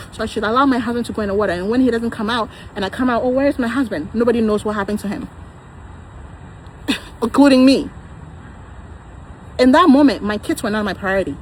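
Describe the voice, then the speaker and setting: A woman's voice: on the high side, a little hiss or hum, low-quality recording. A woman in her thirties talking in a personal vlog, insistent and defensive, repeating her points. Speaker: vlogger.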